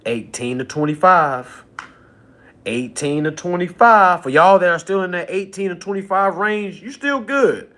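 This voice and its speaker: A man speaks in a high, lively voice that swings widely in pitch. He talks casually and animatedly, laughing often and repeating his lines for emphasis. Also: unhurried. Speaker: livestream host. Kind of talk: casual livestream monologue.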